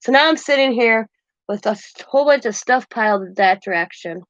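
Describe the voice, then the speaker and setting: This time her voice is fairly high, animated and a little fast as the older woman from the craft channel rambles on at home, chuckling again and again. The lo-fi recording is dull and dry, without any echo.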